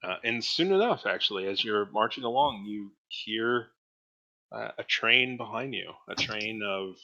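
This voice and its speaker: Low-voiced man running a tabletop game. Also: lo-fi sound. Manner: relaxed, hesitant narration with many fillers. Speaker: game master.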